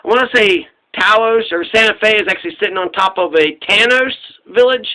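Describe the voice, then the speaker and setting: A man's voice: high-pitched, a little fast, bright, forceful tone, poor audio. A man hosting a casual trivia talk, loose and profane, rambling with restarts. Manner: puts on gruff voices to act out quoted people. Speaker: trivia host.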